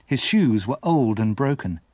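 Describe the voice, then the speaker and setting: A man giving scripted storybook narration for English learners, clear and measured. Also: mid-range voice, expressive, a little mellow, dry recording. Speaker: audiobook narrator.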